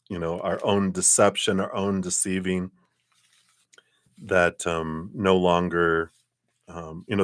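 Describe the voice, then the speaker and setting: A man giving a live-streamed tarot reading, reflective and unhurried, with many "you know"s and soft laughs. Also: deep voice, dry recording, clean studio sound. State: sucking a cough drop, clearing throat. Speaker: tarot card reader.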